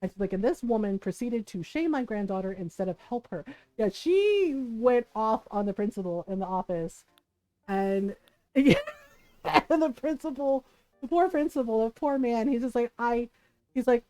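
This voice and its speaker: A woman's voice: fairly high pitch, moderate pace. Chatty woman streamer telling a story. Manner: animated, laughs often, acts out quoted people. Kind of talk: casual storytelling while gaming.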